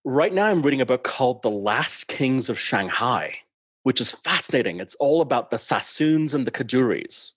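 A man's voice: mid-range voice, normal speed, breathy edge, no room sound. A man from Singapore with an English-tinged accent, chatting animatedly as a guest author in an interview. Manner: chatty, animated, laughs often, many fillers. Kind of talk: conversational interview.

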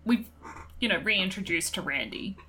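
A woman's voice: mid-range voice, expressive, moderate pace, pushed and bright, slightly rough. A woman co-hosting a podcast, chatting enthusiastically about films and laughing often. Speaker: podcast co-host. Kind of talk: casual film discussion.

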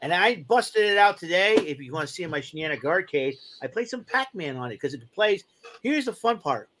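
A man's voice: high-pitched, very animated, fairly quick, noisy background. Rambling enthusiastic man on a podcast. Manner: rambling, enthusiastic show-and-tell with many fillers. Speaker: podcast co-host. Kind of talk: casual chat.

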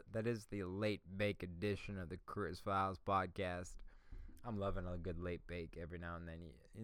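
Man hosting a solo podcast, low voice, foul-mouthed ranting, close dry mic. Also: fairly bright tone, smooth, no room sound. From Canada. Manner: swears constantly, ranting, says "bro" and "dog". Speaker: podcast host. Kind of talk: profane solo podcast rant.

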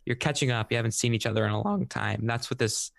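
A man's voice: medium pitch, fast talker, gravelly, no room sound, studio quality. A man co-hosting a casual music podcast, searching for words and musing hesitantly with many ums and likes. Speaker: podcast co-host.

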